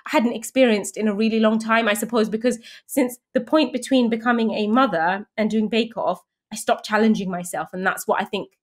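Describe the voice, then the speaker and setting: A woman chats as a guest, spilling her story in a quick, lively rush with plenty of likes and restarts. Her voice sits on the higher side and bounces around. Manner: animated storyteller, many fillers and restarts. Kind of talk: casual interview chat.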